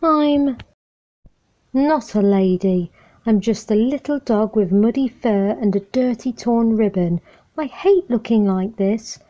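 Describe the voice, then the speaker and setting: A woman voicing a gentle young female pet dog who is sensitive and tearful, pleading in a storybook reading. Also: mid-range voice, expressive, slow. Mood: distressed. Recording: muffled lo-fi recording.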